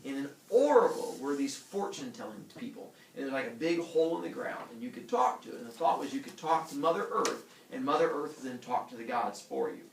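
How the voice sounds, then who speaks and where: A man telling a myth as a comic story, playful and animated, with his own sound effects. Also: mid-range voice, a little fast, gravelly, hardly any pauses, roomy sound, far from the mic, slight background noise, rough recording.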